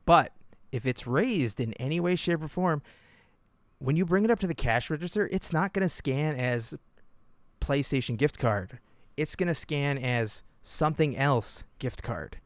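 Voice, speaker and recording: A man co-hosting a podcast, telling stories in an animated, joking way and laughing often. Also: a little high, a little slow, no echo. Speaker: podcast co-host. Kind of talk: casual podcast chat.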